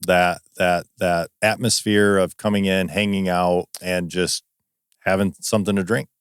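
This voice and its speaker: Low-voiced man trading quick jokes. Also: flat delivery, clear, resonant tone, no room sound, clean studio sound. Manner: quick, joking interjections, laughs often. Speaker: podcast co-host. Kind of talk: casual chat.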